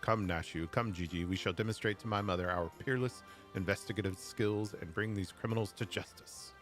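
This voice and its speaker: A man's voice: on the low side, fairly quick, fairly bright tone, soft background music, close to an everyday voice. A man voicing a pompous, self-important male inspector from a video game who makes theatrical proclamations. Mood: indignant.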